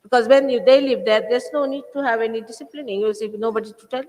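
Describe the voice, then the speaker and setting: A woman's voice: on the high side, steady tone, quick pace, a little mellow. A woman, a spiritual teacher scolding her followers with emphatic rhetorical questions. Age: 60s. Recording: echoey hall, old 1980s recording.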